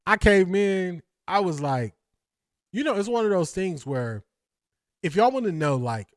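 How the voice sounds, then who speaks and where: A male livestream host giving casual, slangy sports commentary to his chat, animated and often laughing. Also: fairly high pitch, no echo, clean studio sound.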